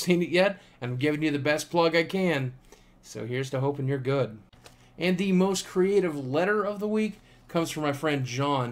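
A man's voice: medium pitch, slight background noise. Tired man reading fan mail aloud. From United States. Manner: warm, thankful, chatty with filler pauses. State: tired, coming down with a cold. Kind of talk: casual vlog chat.

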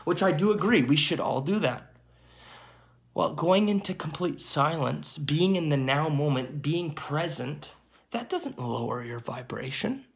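A man's voice: on the high side, animated, unhurried, gravelly. A man giving an emphatic, preachy spiritual monologue to his viewers, often checking in with "okay" and "my friends". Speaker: channel host.

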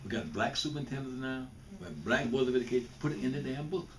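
A man's voice: medium pitch, lively intonation, quick pace. Older guy chatting blunt and folksy with students, mic far off, faint hiss behind. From Mississippi. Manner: blunt, folksy, restarts and repeats words. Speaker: guest speaker. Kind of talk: informal talk to students. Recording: distant mic with faint background noise.

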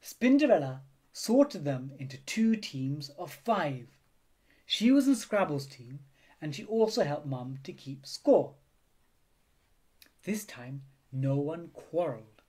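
A man reading a children's picture book aloud in an animated, unhurried storytelling voice. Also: on the high side, husky. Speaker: storybook reader.

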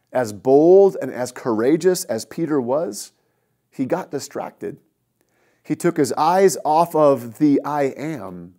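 A male pastor preaching a sermon in a conversational, earnest way, often swinging between loud emphasis and quiet, drawn-out phrases. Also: medium pitch.

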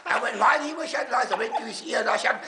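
A South African man in his sixties, a rugby supporter telling stories in a loud, booming, excitable way. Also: racing, gravelly, reverberant, heavy background noise. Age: 60s. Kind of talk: animated storytelling.

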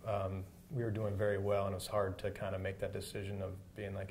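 A man with a very low voice talks through his answers in a casual interview, pausing and restarting as he thinks. He sounds middle-aged and speaks in a reflective, unhurried way. A faint hiss of noise sits under the recording. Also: completely flat delivery, darkish tone. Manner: hesitant, thoughtful, many restarts. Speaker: rock guitarist guest.

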